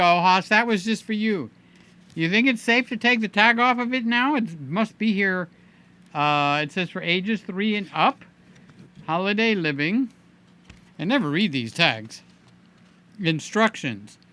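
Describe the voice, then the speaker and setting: Playful bright-voiced man hosting a livestream. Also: high-pitched. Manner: playful, chatty, talks to viewers by name. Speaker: livestream host. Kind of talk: casual livestream chat.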